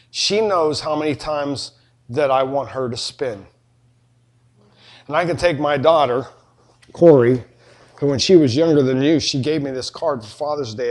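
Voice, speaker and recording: A middle-aged man, preaching a sermon in a folksy, joking storytelling way. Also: medium pitch. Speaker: pastor.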